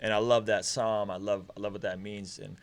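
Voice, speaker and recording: A man in his thirties hosting a casual live stream chat, talking in a relaxed, rambling way and calling out viewers with energy. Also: lowish voice, a little fast. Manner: relaxed, rambling, animated shout-outs. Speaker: host.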